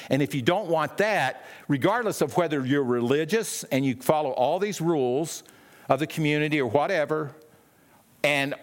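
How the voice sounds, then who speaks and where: A man preaching a sermon in a conversational way, with many restarts and questions to the listeners. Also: medium pitch. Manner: acts out the brothers' lines in a raised, sharp voice.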